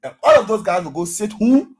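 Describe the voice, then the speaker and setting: A man speaks as a guest on a radio talk show, husky in tone and a bit high for a man. He talks with rising passion, rallying listeners and repeating his key phrases. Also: big pitch swings, brisk, darkish tone, faint music behind, poor audio. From Liberia. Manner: impassioned, rallying speech with repetitions. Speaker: student activist guest.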